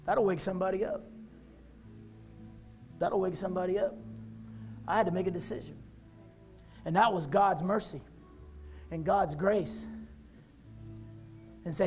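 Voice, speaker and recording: A male pastor giving a fervent altar-call sermon, repeating phrases and rising to loud shouts. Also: high-pitched, normal speed, pauses often, soft background music.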